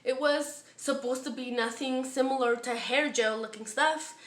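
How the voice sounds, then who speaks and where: A woman chats through a story in a casual vlog, in a slightly high voice, cursing freely and acting out what people said. Her speech is full of "like" fillers. The recording sits in a noticeably echoey room. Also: fairly even intonation, normal speed. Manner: chatty and profane, full of "like" and acted-out quotes. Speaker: storytime vlogger.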